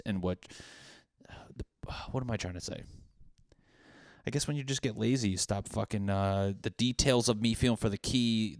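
A young man rambles through a comic podcast monologue, mocking himself and swearing freely. His voice sits low and smooth. The sound is close and dry, with no room around it. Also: no room sound. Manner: rambling, self-mocking, swears freely, laughs at own jokes. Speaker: podcast host. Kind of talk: casual comedic monologue.

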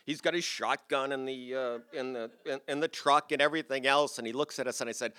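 A man's voice: medium pitch, lively intonation, normal speed, bright, forceful tone, smooth. A man in his sixties telling a personal story on a theater stage to a live audience, in a chatty, self-deprecating way.

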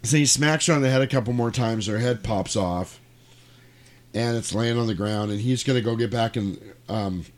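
Brief: male podcast host, mid-pitched voice, lively casual film recap in a small studio. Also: normal speed. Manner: animated retelling with sound effects and acted quotes. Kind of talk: casual movie recap chat. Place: home studio.

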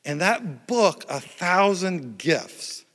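A man preaching a lively, playful sermon to a church crowd on a handheld mic. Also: sits high, extremely slow. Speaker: pastor. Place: large church hall. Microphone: handheld microphone. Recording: echoey church hall.

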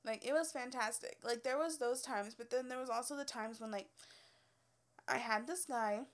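A young woman tells stories from her work in a casual, unscripted way. Her voice sits slightly high. She is blunt and profane and fills her talk with filler words. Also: normal speed. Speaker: cosmetology student telling work stories. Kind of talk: casual storytelling.

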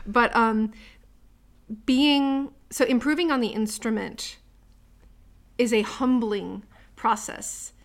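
A woman's voice: fairly high pitch, slow, long pauses. A woman who teaches cello, talking casually and thoughtfully with a colleague. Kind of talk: casual chat between colleagues.

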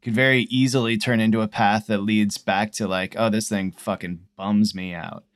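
A man's voice: fairly low pitch, little pitch movement, normal speed. A man hosting a podcast in casual chat, thoughtful and musing with some fillers. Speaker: podcast host.

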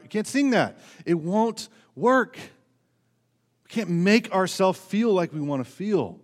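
A male pastor preaching a sermon in earnest, asking the congregation rhetorical questions and swinging between raised emphasis and hushed, low passages. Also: expressive, unhurried. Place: church sanctuary. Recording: church sermon with long hall reverb.

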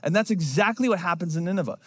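A man in his thirties preaching to a congregation with a slightly high voice. He talks casually, tells stories and acts out the voices of people in them. His sermon moves between plain talk and bursts of emphasis. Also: fast, slightly rough. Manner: conversational, storytelling with acted-out quotes. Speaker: pastor.

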